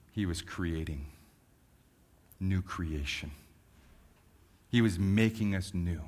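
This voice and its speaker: A pastor preaches a sermon in a rather low voice, shifting from quiet reflection to loud, fervent emphasis.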